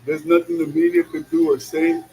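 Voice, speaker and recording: A man's voice: a little high, flat delivery, normal speed, dark tone, poor audio. A man in a casual monologue, slangy and full of "yo", laughing often as he talks while driving. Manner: slangy, peppered with "yo" and "you know what I'm saying"; laughs often between lines. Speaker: vlogger. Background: music.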